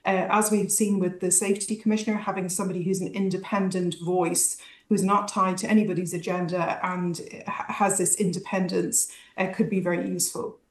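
A woman's voice: lowish voice, little pitch movement, fairly quick, echoey room. A woman academic speaking as a guest in a news interview, thoughtful and analytical, with frequent ums and restarts. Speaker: academic guest, healthcare researcher.

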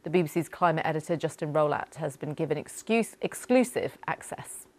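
A woman presenting the news in a clear, formal reading style. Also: low-pitched, expressive, fairly quick, a little mellow, slight background noise.

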